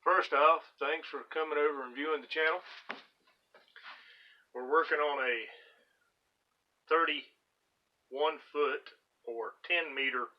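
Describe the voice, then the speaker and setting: A man's voice: on the high side, fairly even intonation, slow pace, pauses often, lo-fi sound, a little hiss or hum. A man hosting his boat restoration vlog, still out of breath and rambling casually with many fillers and restarts from inside a boat cabin. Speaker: boat restorer and channel host. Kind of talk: casual vlog talk to camera.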